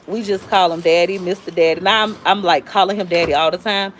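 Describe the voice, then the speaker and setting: A woman, telling stories casually on a live stream and jumping high when she quotes people. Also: brisk, a little hiss or hum. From Tampa, Florida. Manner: animated storyteller, squeals high when quoting. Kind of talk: casual storytelling chat.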